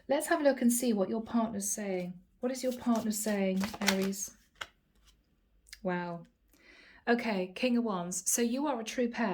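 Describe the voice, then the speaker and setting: A woman reading tarot cards aloud for an unseen viewer, naming each card as she turns it. Her voice is mellow and dark-toned at a middling pitch. She talks earnestly and calls her audience "guys.".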